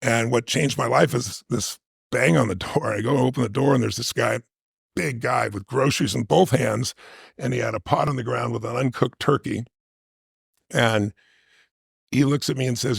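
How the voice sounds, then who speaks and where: Gravelly husky guy telling a story on a podcast, dry close mic, acts out the quotes. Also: mid-range voice, brisk, no room sound. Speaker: podcast guest. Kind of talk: personal storytelling in a podcast interview.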